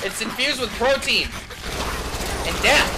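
A young man hosting a let's play, excitable and shouting trash talk at enemies. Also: very high-pitched, a little slow, very noisy. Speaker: gaming channel host. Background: game music and sound effects.

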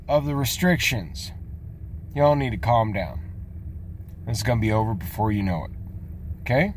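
A man rambling casually in a video blog, reassuring his viewers in a folksy, drawn-out way. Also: medium pitch, expressive, a little hiss or hum. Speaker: vlogger.

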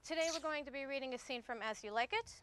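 A woman's voice: high voice, fast, fairly bright tone, a little hiss or hum. A woman playing a firm, impatient professor. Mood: stern. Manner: firm, impatient, keeps redirecting the class. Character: strict female professor leading a reading. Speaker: actor in a conference skit.

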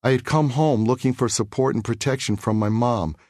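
Man narrating his own memoir in a studio, measured and earnest, mid-pitched, with a dry close sound. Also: darkish tone, dry recording. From New York City. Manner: measured, earnest, reflective reading. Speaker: author reading his memoir.

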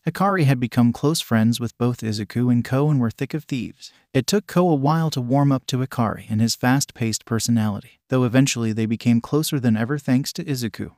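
A man narrating a fan fiction story in a steady storytelling read. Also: medium pitch, no echo, clean studio sound.

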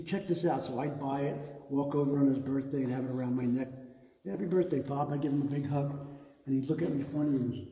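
Dark-voiced man telling relaxed stories. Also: medium pitch. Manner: relaxed, rambling anecdotes. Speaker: museum owner giving a tour. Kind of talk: casual storytelling on a tour. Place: large museum gallery indoors. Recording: echoey gallery with long reverb.

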